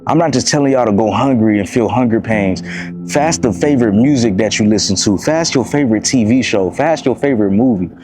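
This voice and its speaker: A young man from Miami speaks to camera in a casual, sermon-like motivational talk, circling back to the same points and leaning on "bro" and "y'all." His voice is warm and dark. Faint music plays behind him. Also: on the low side, a little fast. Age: 20s. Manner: preachy and repetitive, calls listeners "bro" and "y'all". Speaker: motivational vlogger.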